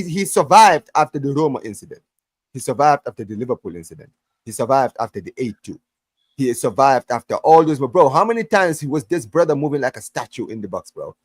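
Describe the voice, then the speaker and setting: A man hosting a casual football podcast, ranting in an animated way, swearing often and restarting his phrases. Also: mid-range voice, dry recording. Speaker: podcast host. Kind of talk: heated casual football chat.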